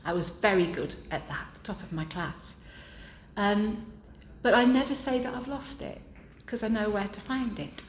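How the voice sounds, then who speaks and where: A woman speaking candidly and earnestly, with self-deprecating humor, as she shares at a support group meeting. Her voice sits at an ordinary middle pitch. It rings through a roomy, echoing meeting room, with faint background noise. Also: moderate pace. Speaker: meeting member sharing.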